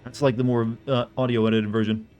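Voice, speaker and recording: A man's voice: medium pitch, flat delivery, a little fast, darkish tone, clear, resonant tone, muffled recording, faint music behind. A man from the American South streaming a game live, chatting loosely and profanely with his viewers. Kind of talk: casual livestream commentary.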